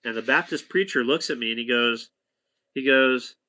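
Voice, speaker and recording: A man's voice: mid-range voice, moderate pace, pushed and bright. A man casually telling a rambling anecdote to a companion, chatty, with asides and restarts. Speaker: storyteller talking to a companion.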